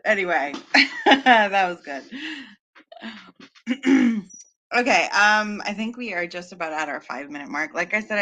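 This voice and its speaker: Woman streamer with a Pennsylvania accent, low-ish pitch and a bright tone, chatty and giggly. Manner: chatty, laughs often, many fillers. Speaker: livestream host. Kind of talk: casual chat during a writing livestream.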